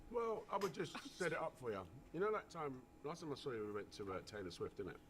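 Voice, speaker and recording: A man, an actor, trading playful teasing banter in an interview with a deadpan, jokey manner. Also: a little high, quick pace. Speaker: actor promoting a film. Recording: noticeable background noise.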